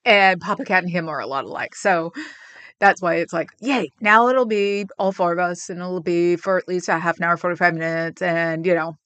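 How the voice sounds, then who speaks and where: A woman's voice: fairly low pitch, moderate pace, fairly bright tone, smooth, dry recording. A woman hosting a livestream, chatting casually and rambling with viewers, getting emotional about her pets. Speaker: livestream host.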